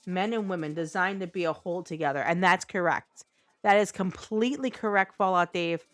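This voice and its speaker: A woman's voice: on the low side, a bit bright. Woman streamer, casual live chat, outspoken and profane, faint game music behind. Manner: blunt, ranting, swears freely.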